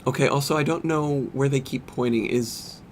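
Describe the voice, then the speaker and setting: A man's voice: mid-range voice, moderate pace, a little hiss or hum. A man streaming a video game, casually thinking aloud and puzzling over the menus. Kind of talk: casual let's-play commentary. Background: game music.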